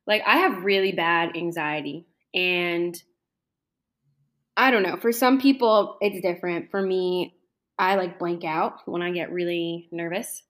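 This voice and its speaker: A woman's voice: on the low side, unhurried, a bit bright. A young woman talking casually in an interview, chatty, with lots of fillers. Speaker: interview guest, culinary school graduate.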